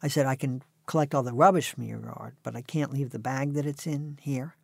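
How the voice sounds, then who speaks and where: A man's voice: medium pitch, steady tone, fairly quick, gravelly, dry recording. Man in his sixties, dry self-mocking humor, interview guest, dead-dry studio sound. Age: 60s. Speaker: author and guest. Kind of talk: conversational storytelling.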